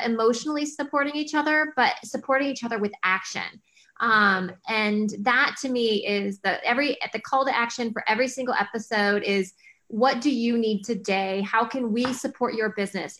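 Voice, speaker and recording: A woman appearing as a podcast guest talks earnestly about her projects in conversational interview style, full of fillers and restarts. Her voice is a little high with a fairly bright tone.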